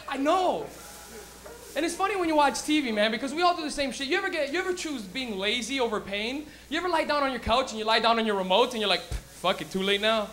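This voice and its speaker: A man's voice: very high-pitched, lively intonation, racing, hardly any pauses, crowd noise. A young man doing live stand-up comedy on a club stage, rowdy and profane, acting out everyday scenes in silly voices.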